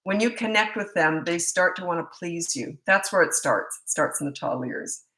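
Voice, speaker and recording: A middle-aged woman talks casually through a webcam, answering parents' questions with stories and easy laughs. Her voice is bright and sits a little low, with a loose, rambling rhythm. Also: lively intonation, normal speed, low-quality recording. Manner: chatty, storytelling, laughs often. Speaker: parenting coach. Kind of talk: live Q&A chat from home on webcam. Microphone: laptop webcam.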